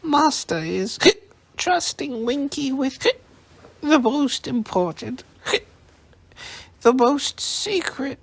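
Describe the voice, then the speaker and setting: A man doing a squeaky, slurring drunk she-elf. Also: lively intonation, takes it slowly, creaky, long pauses, slightly rough, full character voice. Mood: indignant. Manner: whimpering, indignant. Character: drunk sobbing female house-elf, loyal, stubborn.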